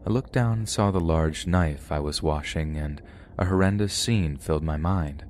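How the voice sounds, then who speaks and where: A man reading a first-person scary story as a narrator, grave and steady. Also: deep voice, moderate pace, hardly any pauses, a little hiss or hum. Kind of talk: scripted horror story narration.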